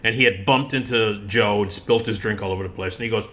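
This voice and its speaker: A man's voice: fairly low pitch, fast talker. A middle-aged man tells personal stories casually, swearing freely and laughing along the way. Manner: animated, profane, laughs while telling stories. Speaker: radio host. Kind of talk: casual storytelling monologue.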